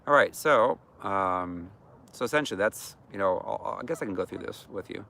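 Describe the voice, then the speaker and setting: Gravelly low-voiced man teaching earnestly. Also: expressive, moderate pace, sharp tone. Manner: earnest, conversational, many fillers. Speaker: deliverance minister. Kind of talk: informal teaching talk.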